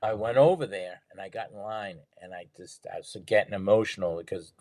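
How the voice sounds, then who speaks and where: Earnest low-voiced man telling stories. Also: brisk, a little mellow, no room sound. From New England. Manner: earnest, rambling storyteller with restarts. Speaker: guest, drummer and record store owner. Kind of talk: casual interview chat.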